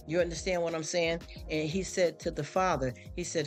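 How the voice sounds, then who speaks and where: Brief: weary host, mid-pitched voice, loose rambling faith chat over soft music. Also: steady tone, fairly quick, few pauses. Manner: rambling, repeats "you understand?". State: tired after a long work shift. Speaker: live streamer. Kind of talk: casual spoken faith talk to a live chat. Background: faint background music.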